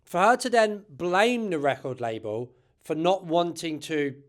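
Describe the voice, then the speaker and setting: A man's voice: fairly high pitch, animated, unhurried. A man hosting a music channel, giving chatty, opinionated commentary and often tagging sentences with "right?". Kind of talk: casual commentary to camera.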